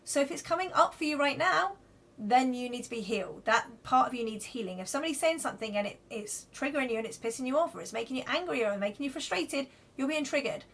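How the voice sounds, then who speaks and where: A woman with a bright, high-pitched voice runs a live card reading. She talks chattily and reassuringly to her viewers and keeps checking in with them as she goes. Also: expressive, fast talker, creaky. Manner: chatty, reassuring, lots of "okay?" and "right?". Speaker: card reader.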